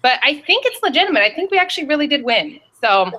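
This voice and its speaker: A woman's voice: high-pitched, fast. A woman reseller talking on a video call, chatty and rambling as she tells stories. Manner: chatty and rambling, lively storytelling. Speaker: reseller on a panel show. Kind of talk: casual chat.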